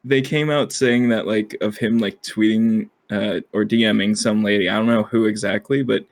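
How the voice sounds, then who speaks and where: A man's voice: lowish voice, steady tone, normal speed. A man co-hosting a casual podcast chat, rambling with lots of fillers and frequent laughter. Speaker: podcast co-host.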